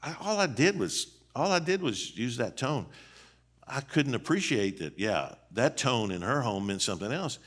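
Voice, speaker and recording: A middle-aged man preaches in a relaxed, conversational way, his voice bright and forceful. He talks in plain, folksy terms and keeps throwing rhetorical questions at his listeners. His pitch sits mid-range for a man. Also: normal speed. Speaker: seminary dean teaching on marriage. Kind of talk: conversational sermon. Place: church.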